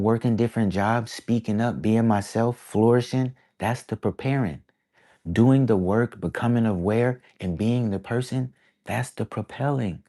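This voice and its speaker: With a lowish, slightly mellow voice, an East Coast American artist vlogs to camera, musing aloud in a rambling, reflective style. His casual talk to viewers is thick with slang, especially "bruh" and "y'all."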